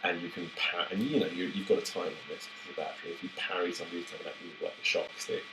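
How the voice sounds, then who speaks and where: Very low male co-host, loose and jokey, trails off and restarts, casual podcast chat. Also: little pitch movement, very fast, noisy background. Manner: rambling, self-interrupting, jokey.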